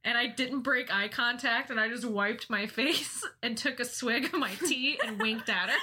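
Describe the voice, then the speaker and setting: A young woman casually telling a funny personal story, often laughing at herself in a self-mocking, animated way. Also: a little high, normal speed, few pauses, slightly rough.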